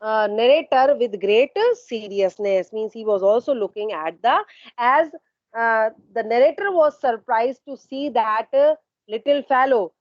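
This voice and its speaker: A woman's voice: on the high side, measured pace, no echo, highs cut off. A woman teacher explaining a story line by line in an online class, asking questions and answering them herself. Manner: asks questions then answers them, paraphrasing and repeating. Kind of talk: online literature lesson.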